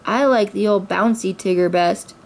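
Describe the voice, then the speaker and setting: A woman's voice: mid-range voice, moderate pace, darkish tone, close to an everyday voice. A woman voicing a small, eager boy kangaroo in a read-aloud storybook. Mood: earnest. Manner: chirpy, eager.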